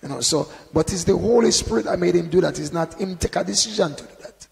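A man preaching informally, with a strongly gravelly, creaky voice pitched a little above the usual. He talks conversationally, often adding "you know", then bursts into loud emphasis. A long reverb from the hall trails after his words. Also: fast talker. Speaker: Bible teacher. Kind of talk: informal sermon.

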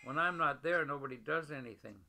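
An older man talking tenderly to his wife over a video call, gentle and affectionate, often repeating pet names. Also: on the high side, fairly quick, creaky, noisy background.

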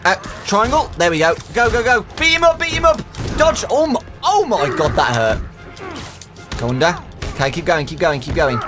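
A young man giving excitable let's-play commentary, shouting and laughing as he plays, over game music. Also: high-pitched, moderate pace. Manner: excitable, loud exclamations, giggly, talks to viewers as "boys". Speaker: gaming YouTuber.

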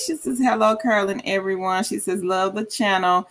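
A woman hosting a casual livestream, reading viewer comments aloud and greeting people by name, sometimes in a sudden high sing-song call. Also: lively intonation. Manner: slow, drawn-out delivery. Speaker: livestream host.

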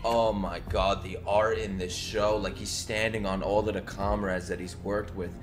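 A man giving casual, excitable commentary while reacting to an anime, swearing, laughing and exclaiming often. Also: lowish voice, normal speed, over music. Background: anime soundtrack playing.

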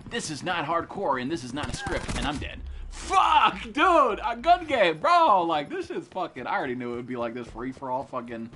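A young man streaming a shooter game, cursing and trash-talking with friends in excited, loud outbursts. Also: medium pitch, background noise. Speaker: gaming streamer. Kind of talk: live gameplay commentary with friends.

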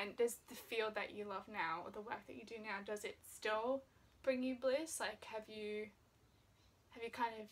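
A woman's voice: mid-range voice, a bit bright. A woman in her twenties chatting casually with a friend, giggling often and rambling through questions full of fillers. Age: 20s. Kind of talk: casual chat between friends.

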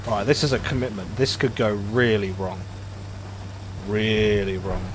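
A man giving casual, rambling commentary while streaming a game, chatting easily and getting excitable when the action heats up. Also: on the low side, brisk, background noise. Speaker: gaming streamer.

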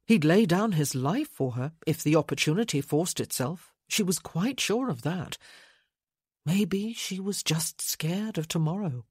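A woman narrating an audiobook in a measured, unhurried reading. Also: on the low side, expressive, a little mellow, breathy edge, no room sound, clean studio sound.

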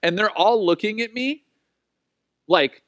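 A man in his forties preaching a sermon, telling personal stories in an animated, self-mocking way. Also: high voice, measured pace, no room sound. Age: 40s. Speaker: pastor.

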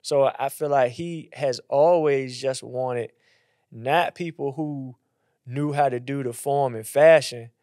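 A man who is a pastor, chatting about faith in a casual, animated way and acting out quotes in a higher voice. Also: slow, no room sound, clean studio sound. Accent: Southern US.

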